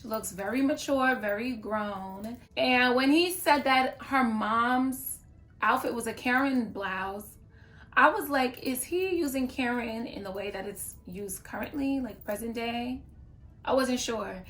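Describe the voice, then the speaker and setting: A woman's voice: a little high, unhurried, a bit bright. A woman talking to camera in a casual reaction vlog, chatty and opinionated, with playful asides. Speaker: YouTuber reviewing a reality show.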